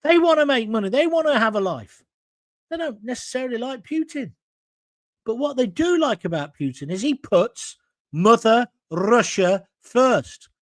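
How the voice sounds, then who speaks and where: A man's voice: very high-pitched, sing-song, moderate pace, no room sound. A man hosting a live talk show, reading out viewer comments in a blunt, combative, rambling way from a green screen studio.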